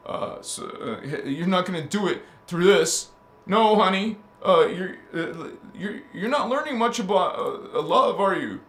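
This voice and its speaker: A man's voice: on the high side, big pitch swings, a little slow, a bit bright. A man preaching as a spiritual teacher. He speaks fervently and needles his listeners with rhetorical questions, stammering and restarting his phrases. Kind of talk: preaching monologue. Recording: roomy echo.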